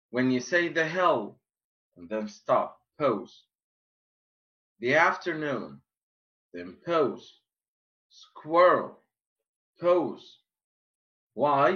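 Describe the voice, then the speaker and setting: A man teaching a poetry lesson, explaining slowly and repeating himself, with many fillers and restarts. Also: fairly high pitch, fairly bright tone, muffled recording. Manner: slow, repetitive explaining with frequent fillers and restarts. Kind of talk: classroom lecture.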